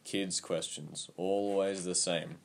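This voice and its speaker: A man voicing a weary, dying strange creature who talks in squeaky, curt, grumbling bits. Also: fairly even intonation, takes it slowly, a little hiss or hum.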